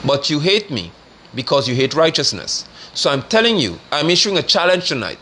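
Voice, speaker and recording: Man, preacher-style political commentator, bright high voice, scornful and forceful delivery. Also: big pitch swings, moderate pace, a little hiss or hum. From Guyana. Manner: forceful, scornful, rising to sermon-like declarations.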